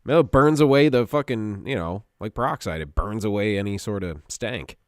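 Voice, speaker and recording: Podcast dude cussing and joking around, lively up and down voice, dry close sound. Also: male voice, on the low side, moderate pace, clear, resonant tone, no room sound. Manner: profane, joking banter. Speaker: podcast co-host. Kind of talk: casual chat.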